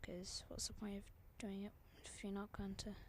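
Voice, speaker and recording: A woman's voice: mid-range voice, monotone, normal speed, a little hiss or hum. A Scottish woman hosting a live planespotting stream, rambling chattily and often dropping to a half-whisper. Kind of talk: casual live-stream chat.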